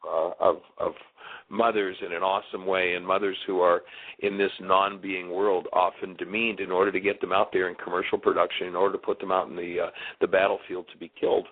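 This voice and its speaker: A man hosting a radio talk show, chatting casually and haltingly with many fillers. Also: low voice, level tone. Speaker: radio host. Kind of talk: casual on-air chat. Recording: phone-line radio audio.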